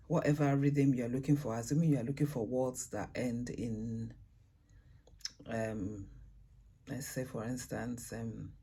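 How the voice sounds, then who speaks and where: A man teaching beginners about rhyme in a casual tutorial. He pauses often to search for words and spells out letters. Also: mid-range voice, dark tone, breathy edge. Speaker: poetry tutor.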